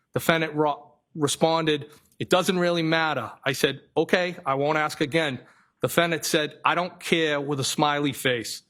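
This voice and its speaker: A man testifying as a witness in a courtroom, reading messages aloud in a careful, flat way and sometimes correcting himself. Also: fairly high pitch. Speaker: trial witness.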